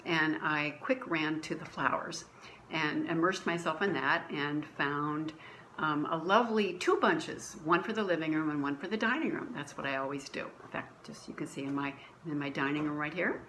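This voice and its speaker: Woman, low voice, church testimony recorded at home, earnest, restarts often, faint hiss. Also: normal speed, a bit bright, rough recording. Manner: earnest storytelling with many restarts. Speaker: church member sharing a testimony. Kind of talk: personal faith story, conversational. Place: at home, dining room.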